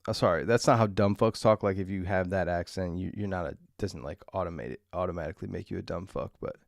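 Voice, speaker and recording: A man's voice: sits low, fast talker, creaky, no echo. Male streamer, tired and crude, rambling morning chat, dry close mic. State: tired, clearing his throat. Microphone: desk mic.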